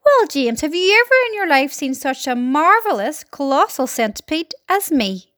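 Brief: woman doing a cocky, rascally storybook centipede, high and bouncy, crowing. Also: very animated, normal speed, no room sound, clean studio sound. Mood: boastful. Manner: loud, gleeful and boastful. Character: boastful cheeky male centipede.

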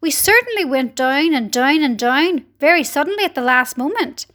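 A woman's voice: high voice, animated, normal speed, a bit bright. Woman doing a gloomy complaining earthworm. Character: gloomy worrying male earthworm.

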